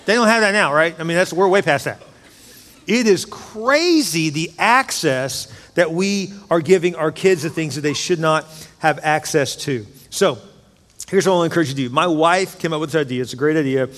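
A man's voice: fairly high pitch, lively intonation, moderate pace, a bit bright. A middle-aged man preaching a sermon as pastor, emphatic and conversational, with jokes in between. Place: church sanctuary. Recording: long church-hall reverb.

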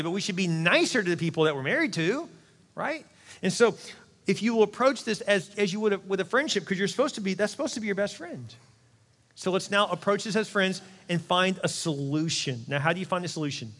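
A middle-aged man, a pastor, preaching an animated, conversational sermon with quick asides in a large church auditorium. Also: sits high. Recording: long hall reverb.

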